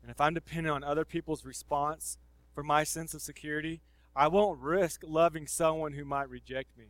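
A man preaching a sermon in a casual, conversational way with slang, swinging between loud emphasis and near-murmured asides. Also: fairly high pitch, fairly even intonation, fairly quick, dry recording, rough recording.

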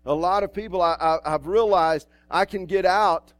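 A man's voice: sits high, moderate pace, dry recording. A male pastor preaching a sermon in a church, in a conversational way with asides and restarts.

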